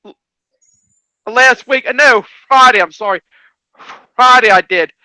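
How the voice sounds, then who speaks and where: A man chatting casually on a livestream, excitable and repetitive, laughing often. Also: very high voice, measured pace, no echo, low-quality recording. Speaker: livestream co-host. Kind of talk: casual chat.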